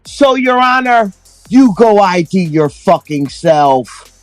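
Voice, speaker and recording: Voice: mid-range voice, expressive, takes it slowly, no room sound, soft background music. A streamer voicing a melodramatic, defiant woman who refuses to reveal her identity, speaking in mock-Shakespearean phrasing.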